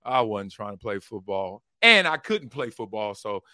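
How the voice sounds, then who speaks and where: A man in his thirties, a former pro football player turned broadcaster, telling stories in a casual interview with lively, slangy talk. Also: lowish voice, normal speed, no echo, clean studio sound. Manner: animated, slangy, acts out quotes with shifting voices.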